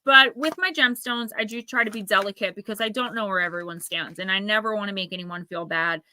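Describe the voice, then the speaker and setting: There's slight background noise as a forties-aged woman with a New Jersey accent runs a live tarot stream. Her mid-range voice is pushed and bright, and she chats freely, naming viewers and dropping brief asides.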